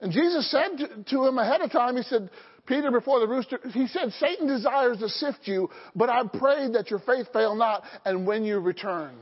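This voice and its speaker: A man preaching a sermon as pastor, lively and acting out Bible scenes in voices. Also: very high voice, moderate pace. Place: church sanctuary. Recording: dull audio with long church reverb.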